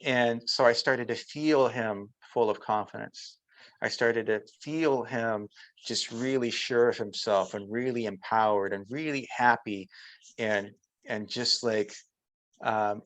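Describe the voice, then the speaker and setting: A man's voice: on the low side, a little slow, a bit bright, dry recording, low-quality recording. A man as an interview guest, telling a personal story in casual chat and voicing the people he quotes. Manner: storytelling, often acting out quotes of others.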